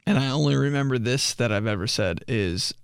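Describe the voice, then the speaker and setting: A man's voice: mid-range voice, brisk, gravelly, smooth, no room sound, clean studio sound. A young man hosting a comedy podcast, telling stories casually, swearing and laughing at his own jokes. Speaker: podcast host.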